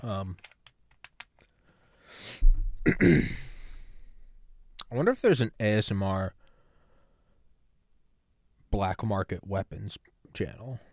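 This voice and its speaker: A man's voice: lowish voice, very animated, slow, long pauses, darkish tone, slightly rough, dry recording, studio quality. A man hosting a solo podcast, ranting sarcastically about politics with profanity and rambling asides. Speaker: podcast host.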